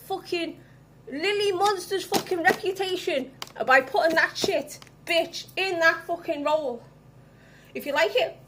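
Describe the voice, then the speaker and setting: A woman's voice: extremely high pitch, a bit bright, a little hiss or hum. A woman vlogging, ranting angrily with heavy swearing. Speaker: vlogger reviewing films. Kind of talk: casual ranting vlog.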